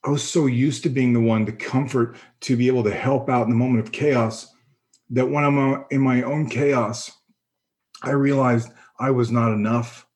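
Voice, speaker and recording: A middle-aged man giving a personal testimony, earnest and reflective, pausing and restarting as he speaks. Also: mid-range voice, steady tone, a little mellow. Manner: earnest, reflective, halting with pauses. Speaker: personal storyteller.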